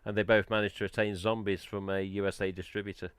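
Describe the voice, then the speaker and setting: A man's voice: lowish voice, little pitch movement, fast, clear, resonant tone, no room sound. A man hosting a casual live stream, chatting in a rambling way and answering the chat. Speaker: livestream host.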